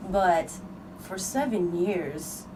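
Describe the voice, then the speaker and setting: A woman's voice: lowish voice, expressive, drawn-out words. Distant-sounding woman telling an earnest story. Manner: emotional, earnest, frank with occasional swearing. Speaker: podcast host. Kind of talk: candid conversational storytelling. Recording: distant mic with noticeable background noise.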